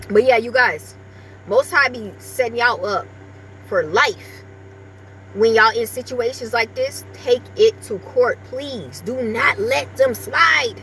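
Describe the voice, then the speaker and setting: A woman's voice: fairly high pitch, unhurried, fairly bright tone, a little hiss or hum. A woman vlogger chatting casually with her viewers and breaking off now and then to talk to her small dog.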